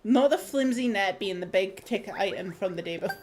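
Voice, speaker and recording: A woman's voice: medium pitch, expressive, fairly quick, hardly any pauses, darkish tone, soft background music. A woman livestreaming a game, chatting casually, reacting aloud and laughing easily. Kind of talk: casual gameplay commentary.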